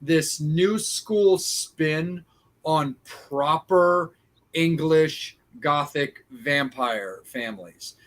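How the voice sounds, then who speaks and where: A man with a somewhat high voice hosting a relaxed podcast chat. He stumbles through restarts as he works toward his point. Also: drawn-out words. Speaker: host.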